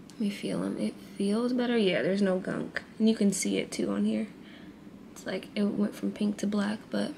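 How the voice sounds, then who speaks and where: A woman's voice: a little high, creaky, a little mellow, a little hiss or hum. A young woman vlogging in a casual, chatty way, talking straight to her viewers with lots of fillers. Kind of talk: casual vlog chat.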